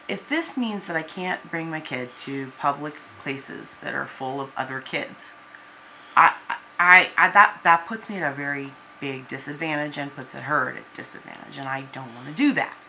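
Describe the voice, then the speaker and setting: A woman in her forties talking to a camera, venting in a halting, downcast way with many restarts. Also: low voice, vocal fry, sharp tone, slight background noise. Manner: subdued and downcast. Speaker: vlogger. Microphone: camera with a person filming.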